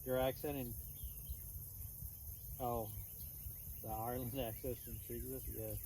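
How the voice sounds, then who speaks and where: A man's voice: medium pitch, flat delivery, measured pace, background noise. Easygoing Texan man chatting outdoors. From Texas. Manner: rambling, easygoing, with many restarts. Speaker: streamer answering chat. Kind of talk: casual chat. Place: outdoors in the countryside. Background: crickets and insects chirping faintly.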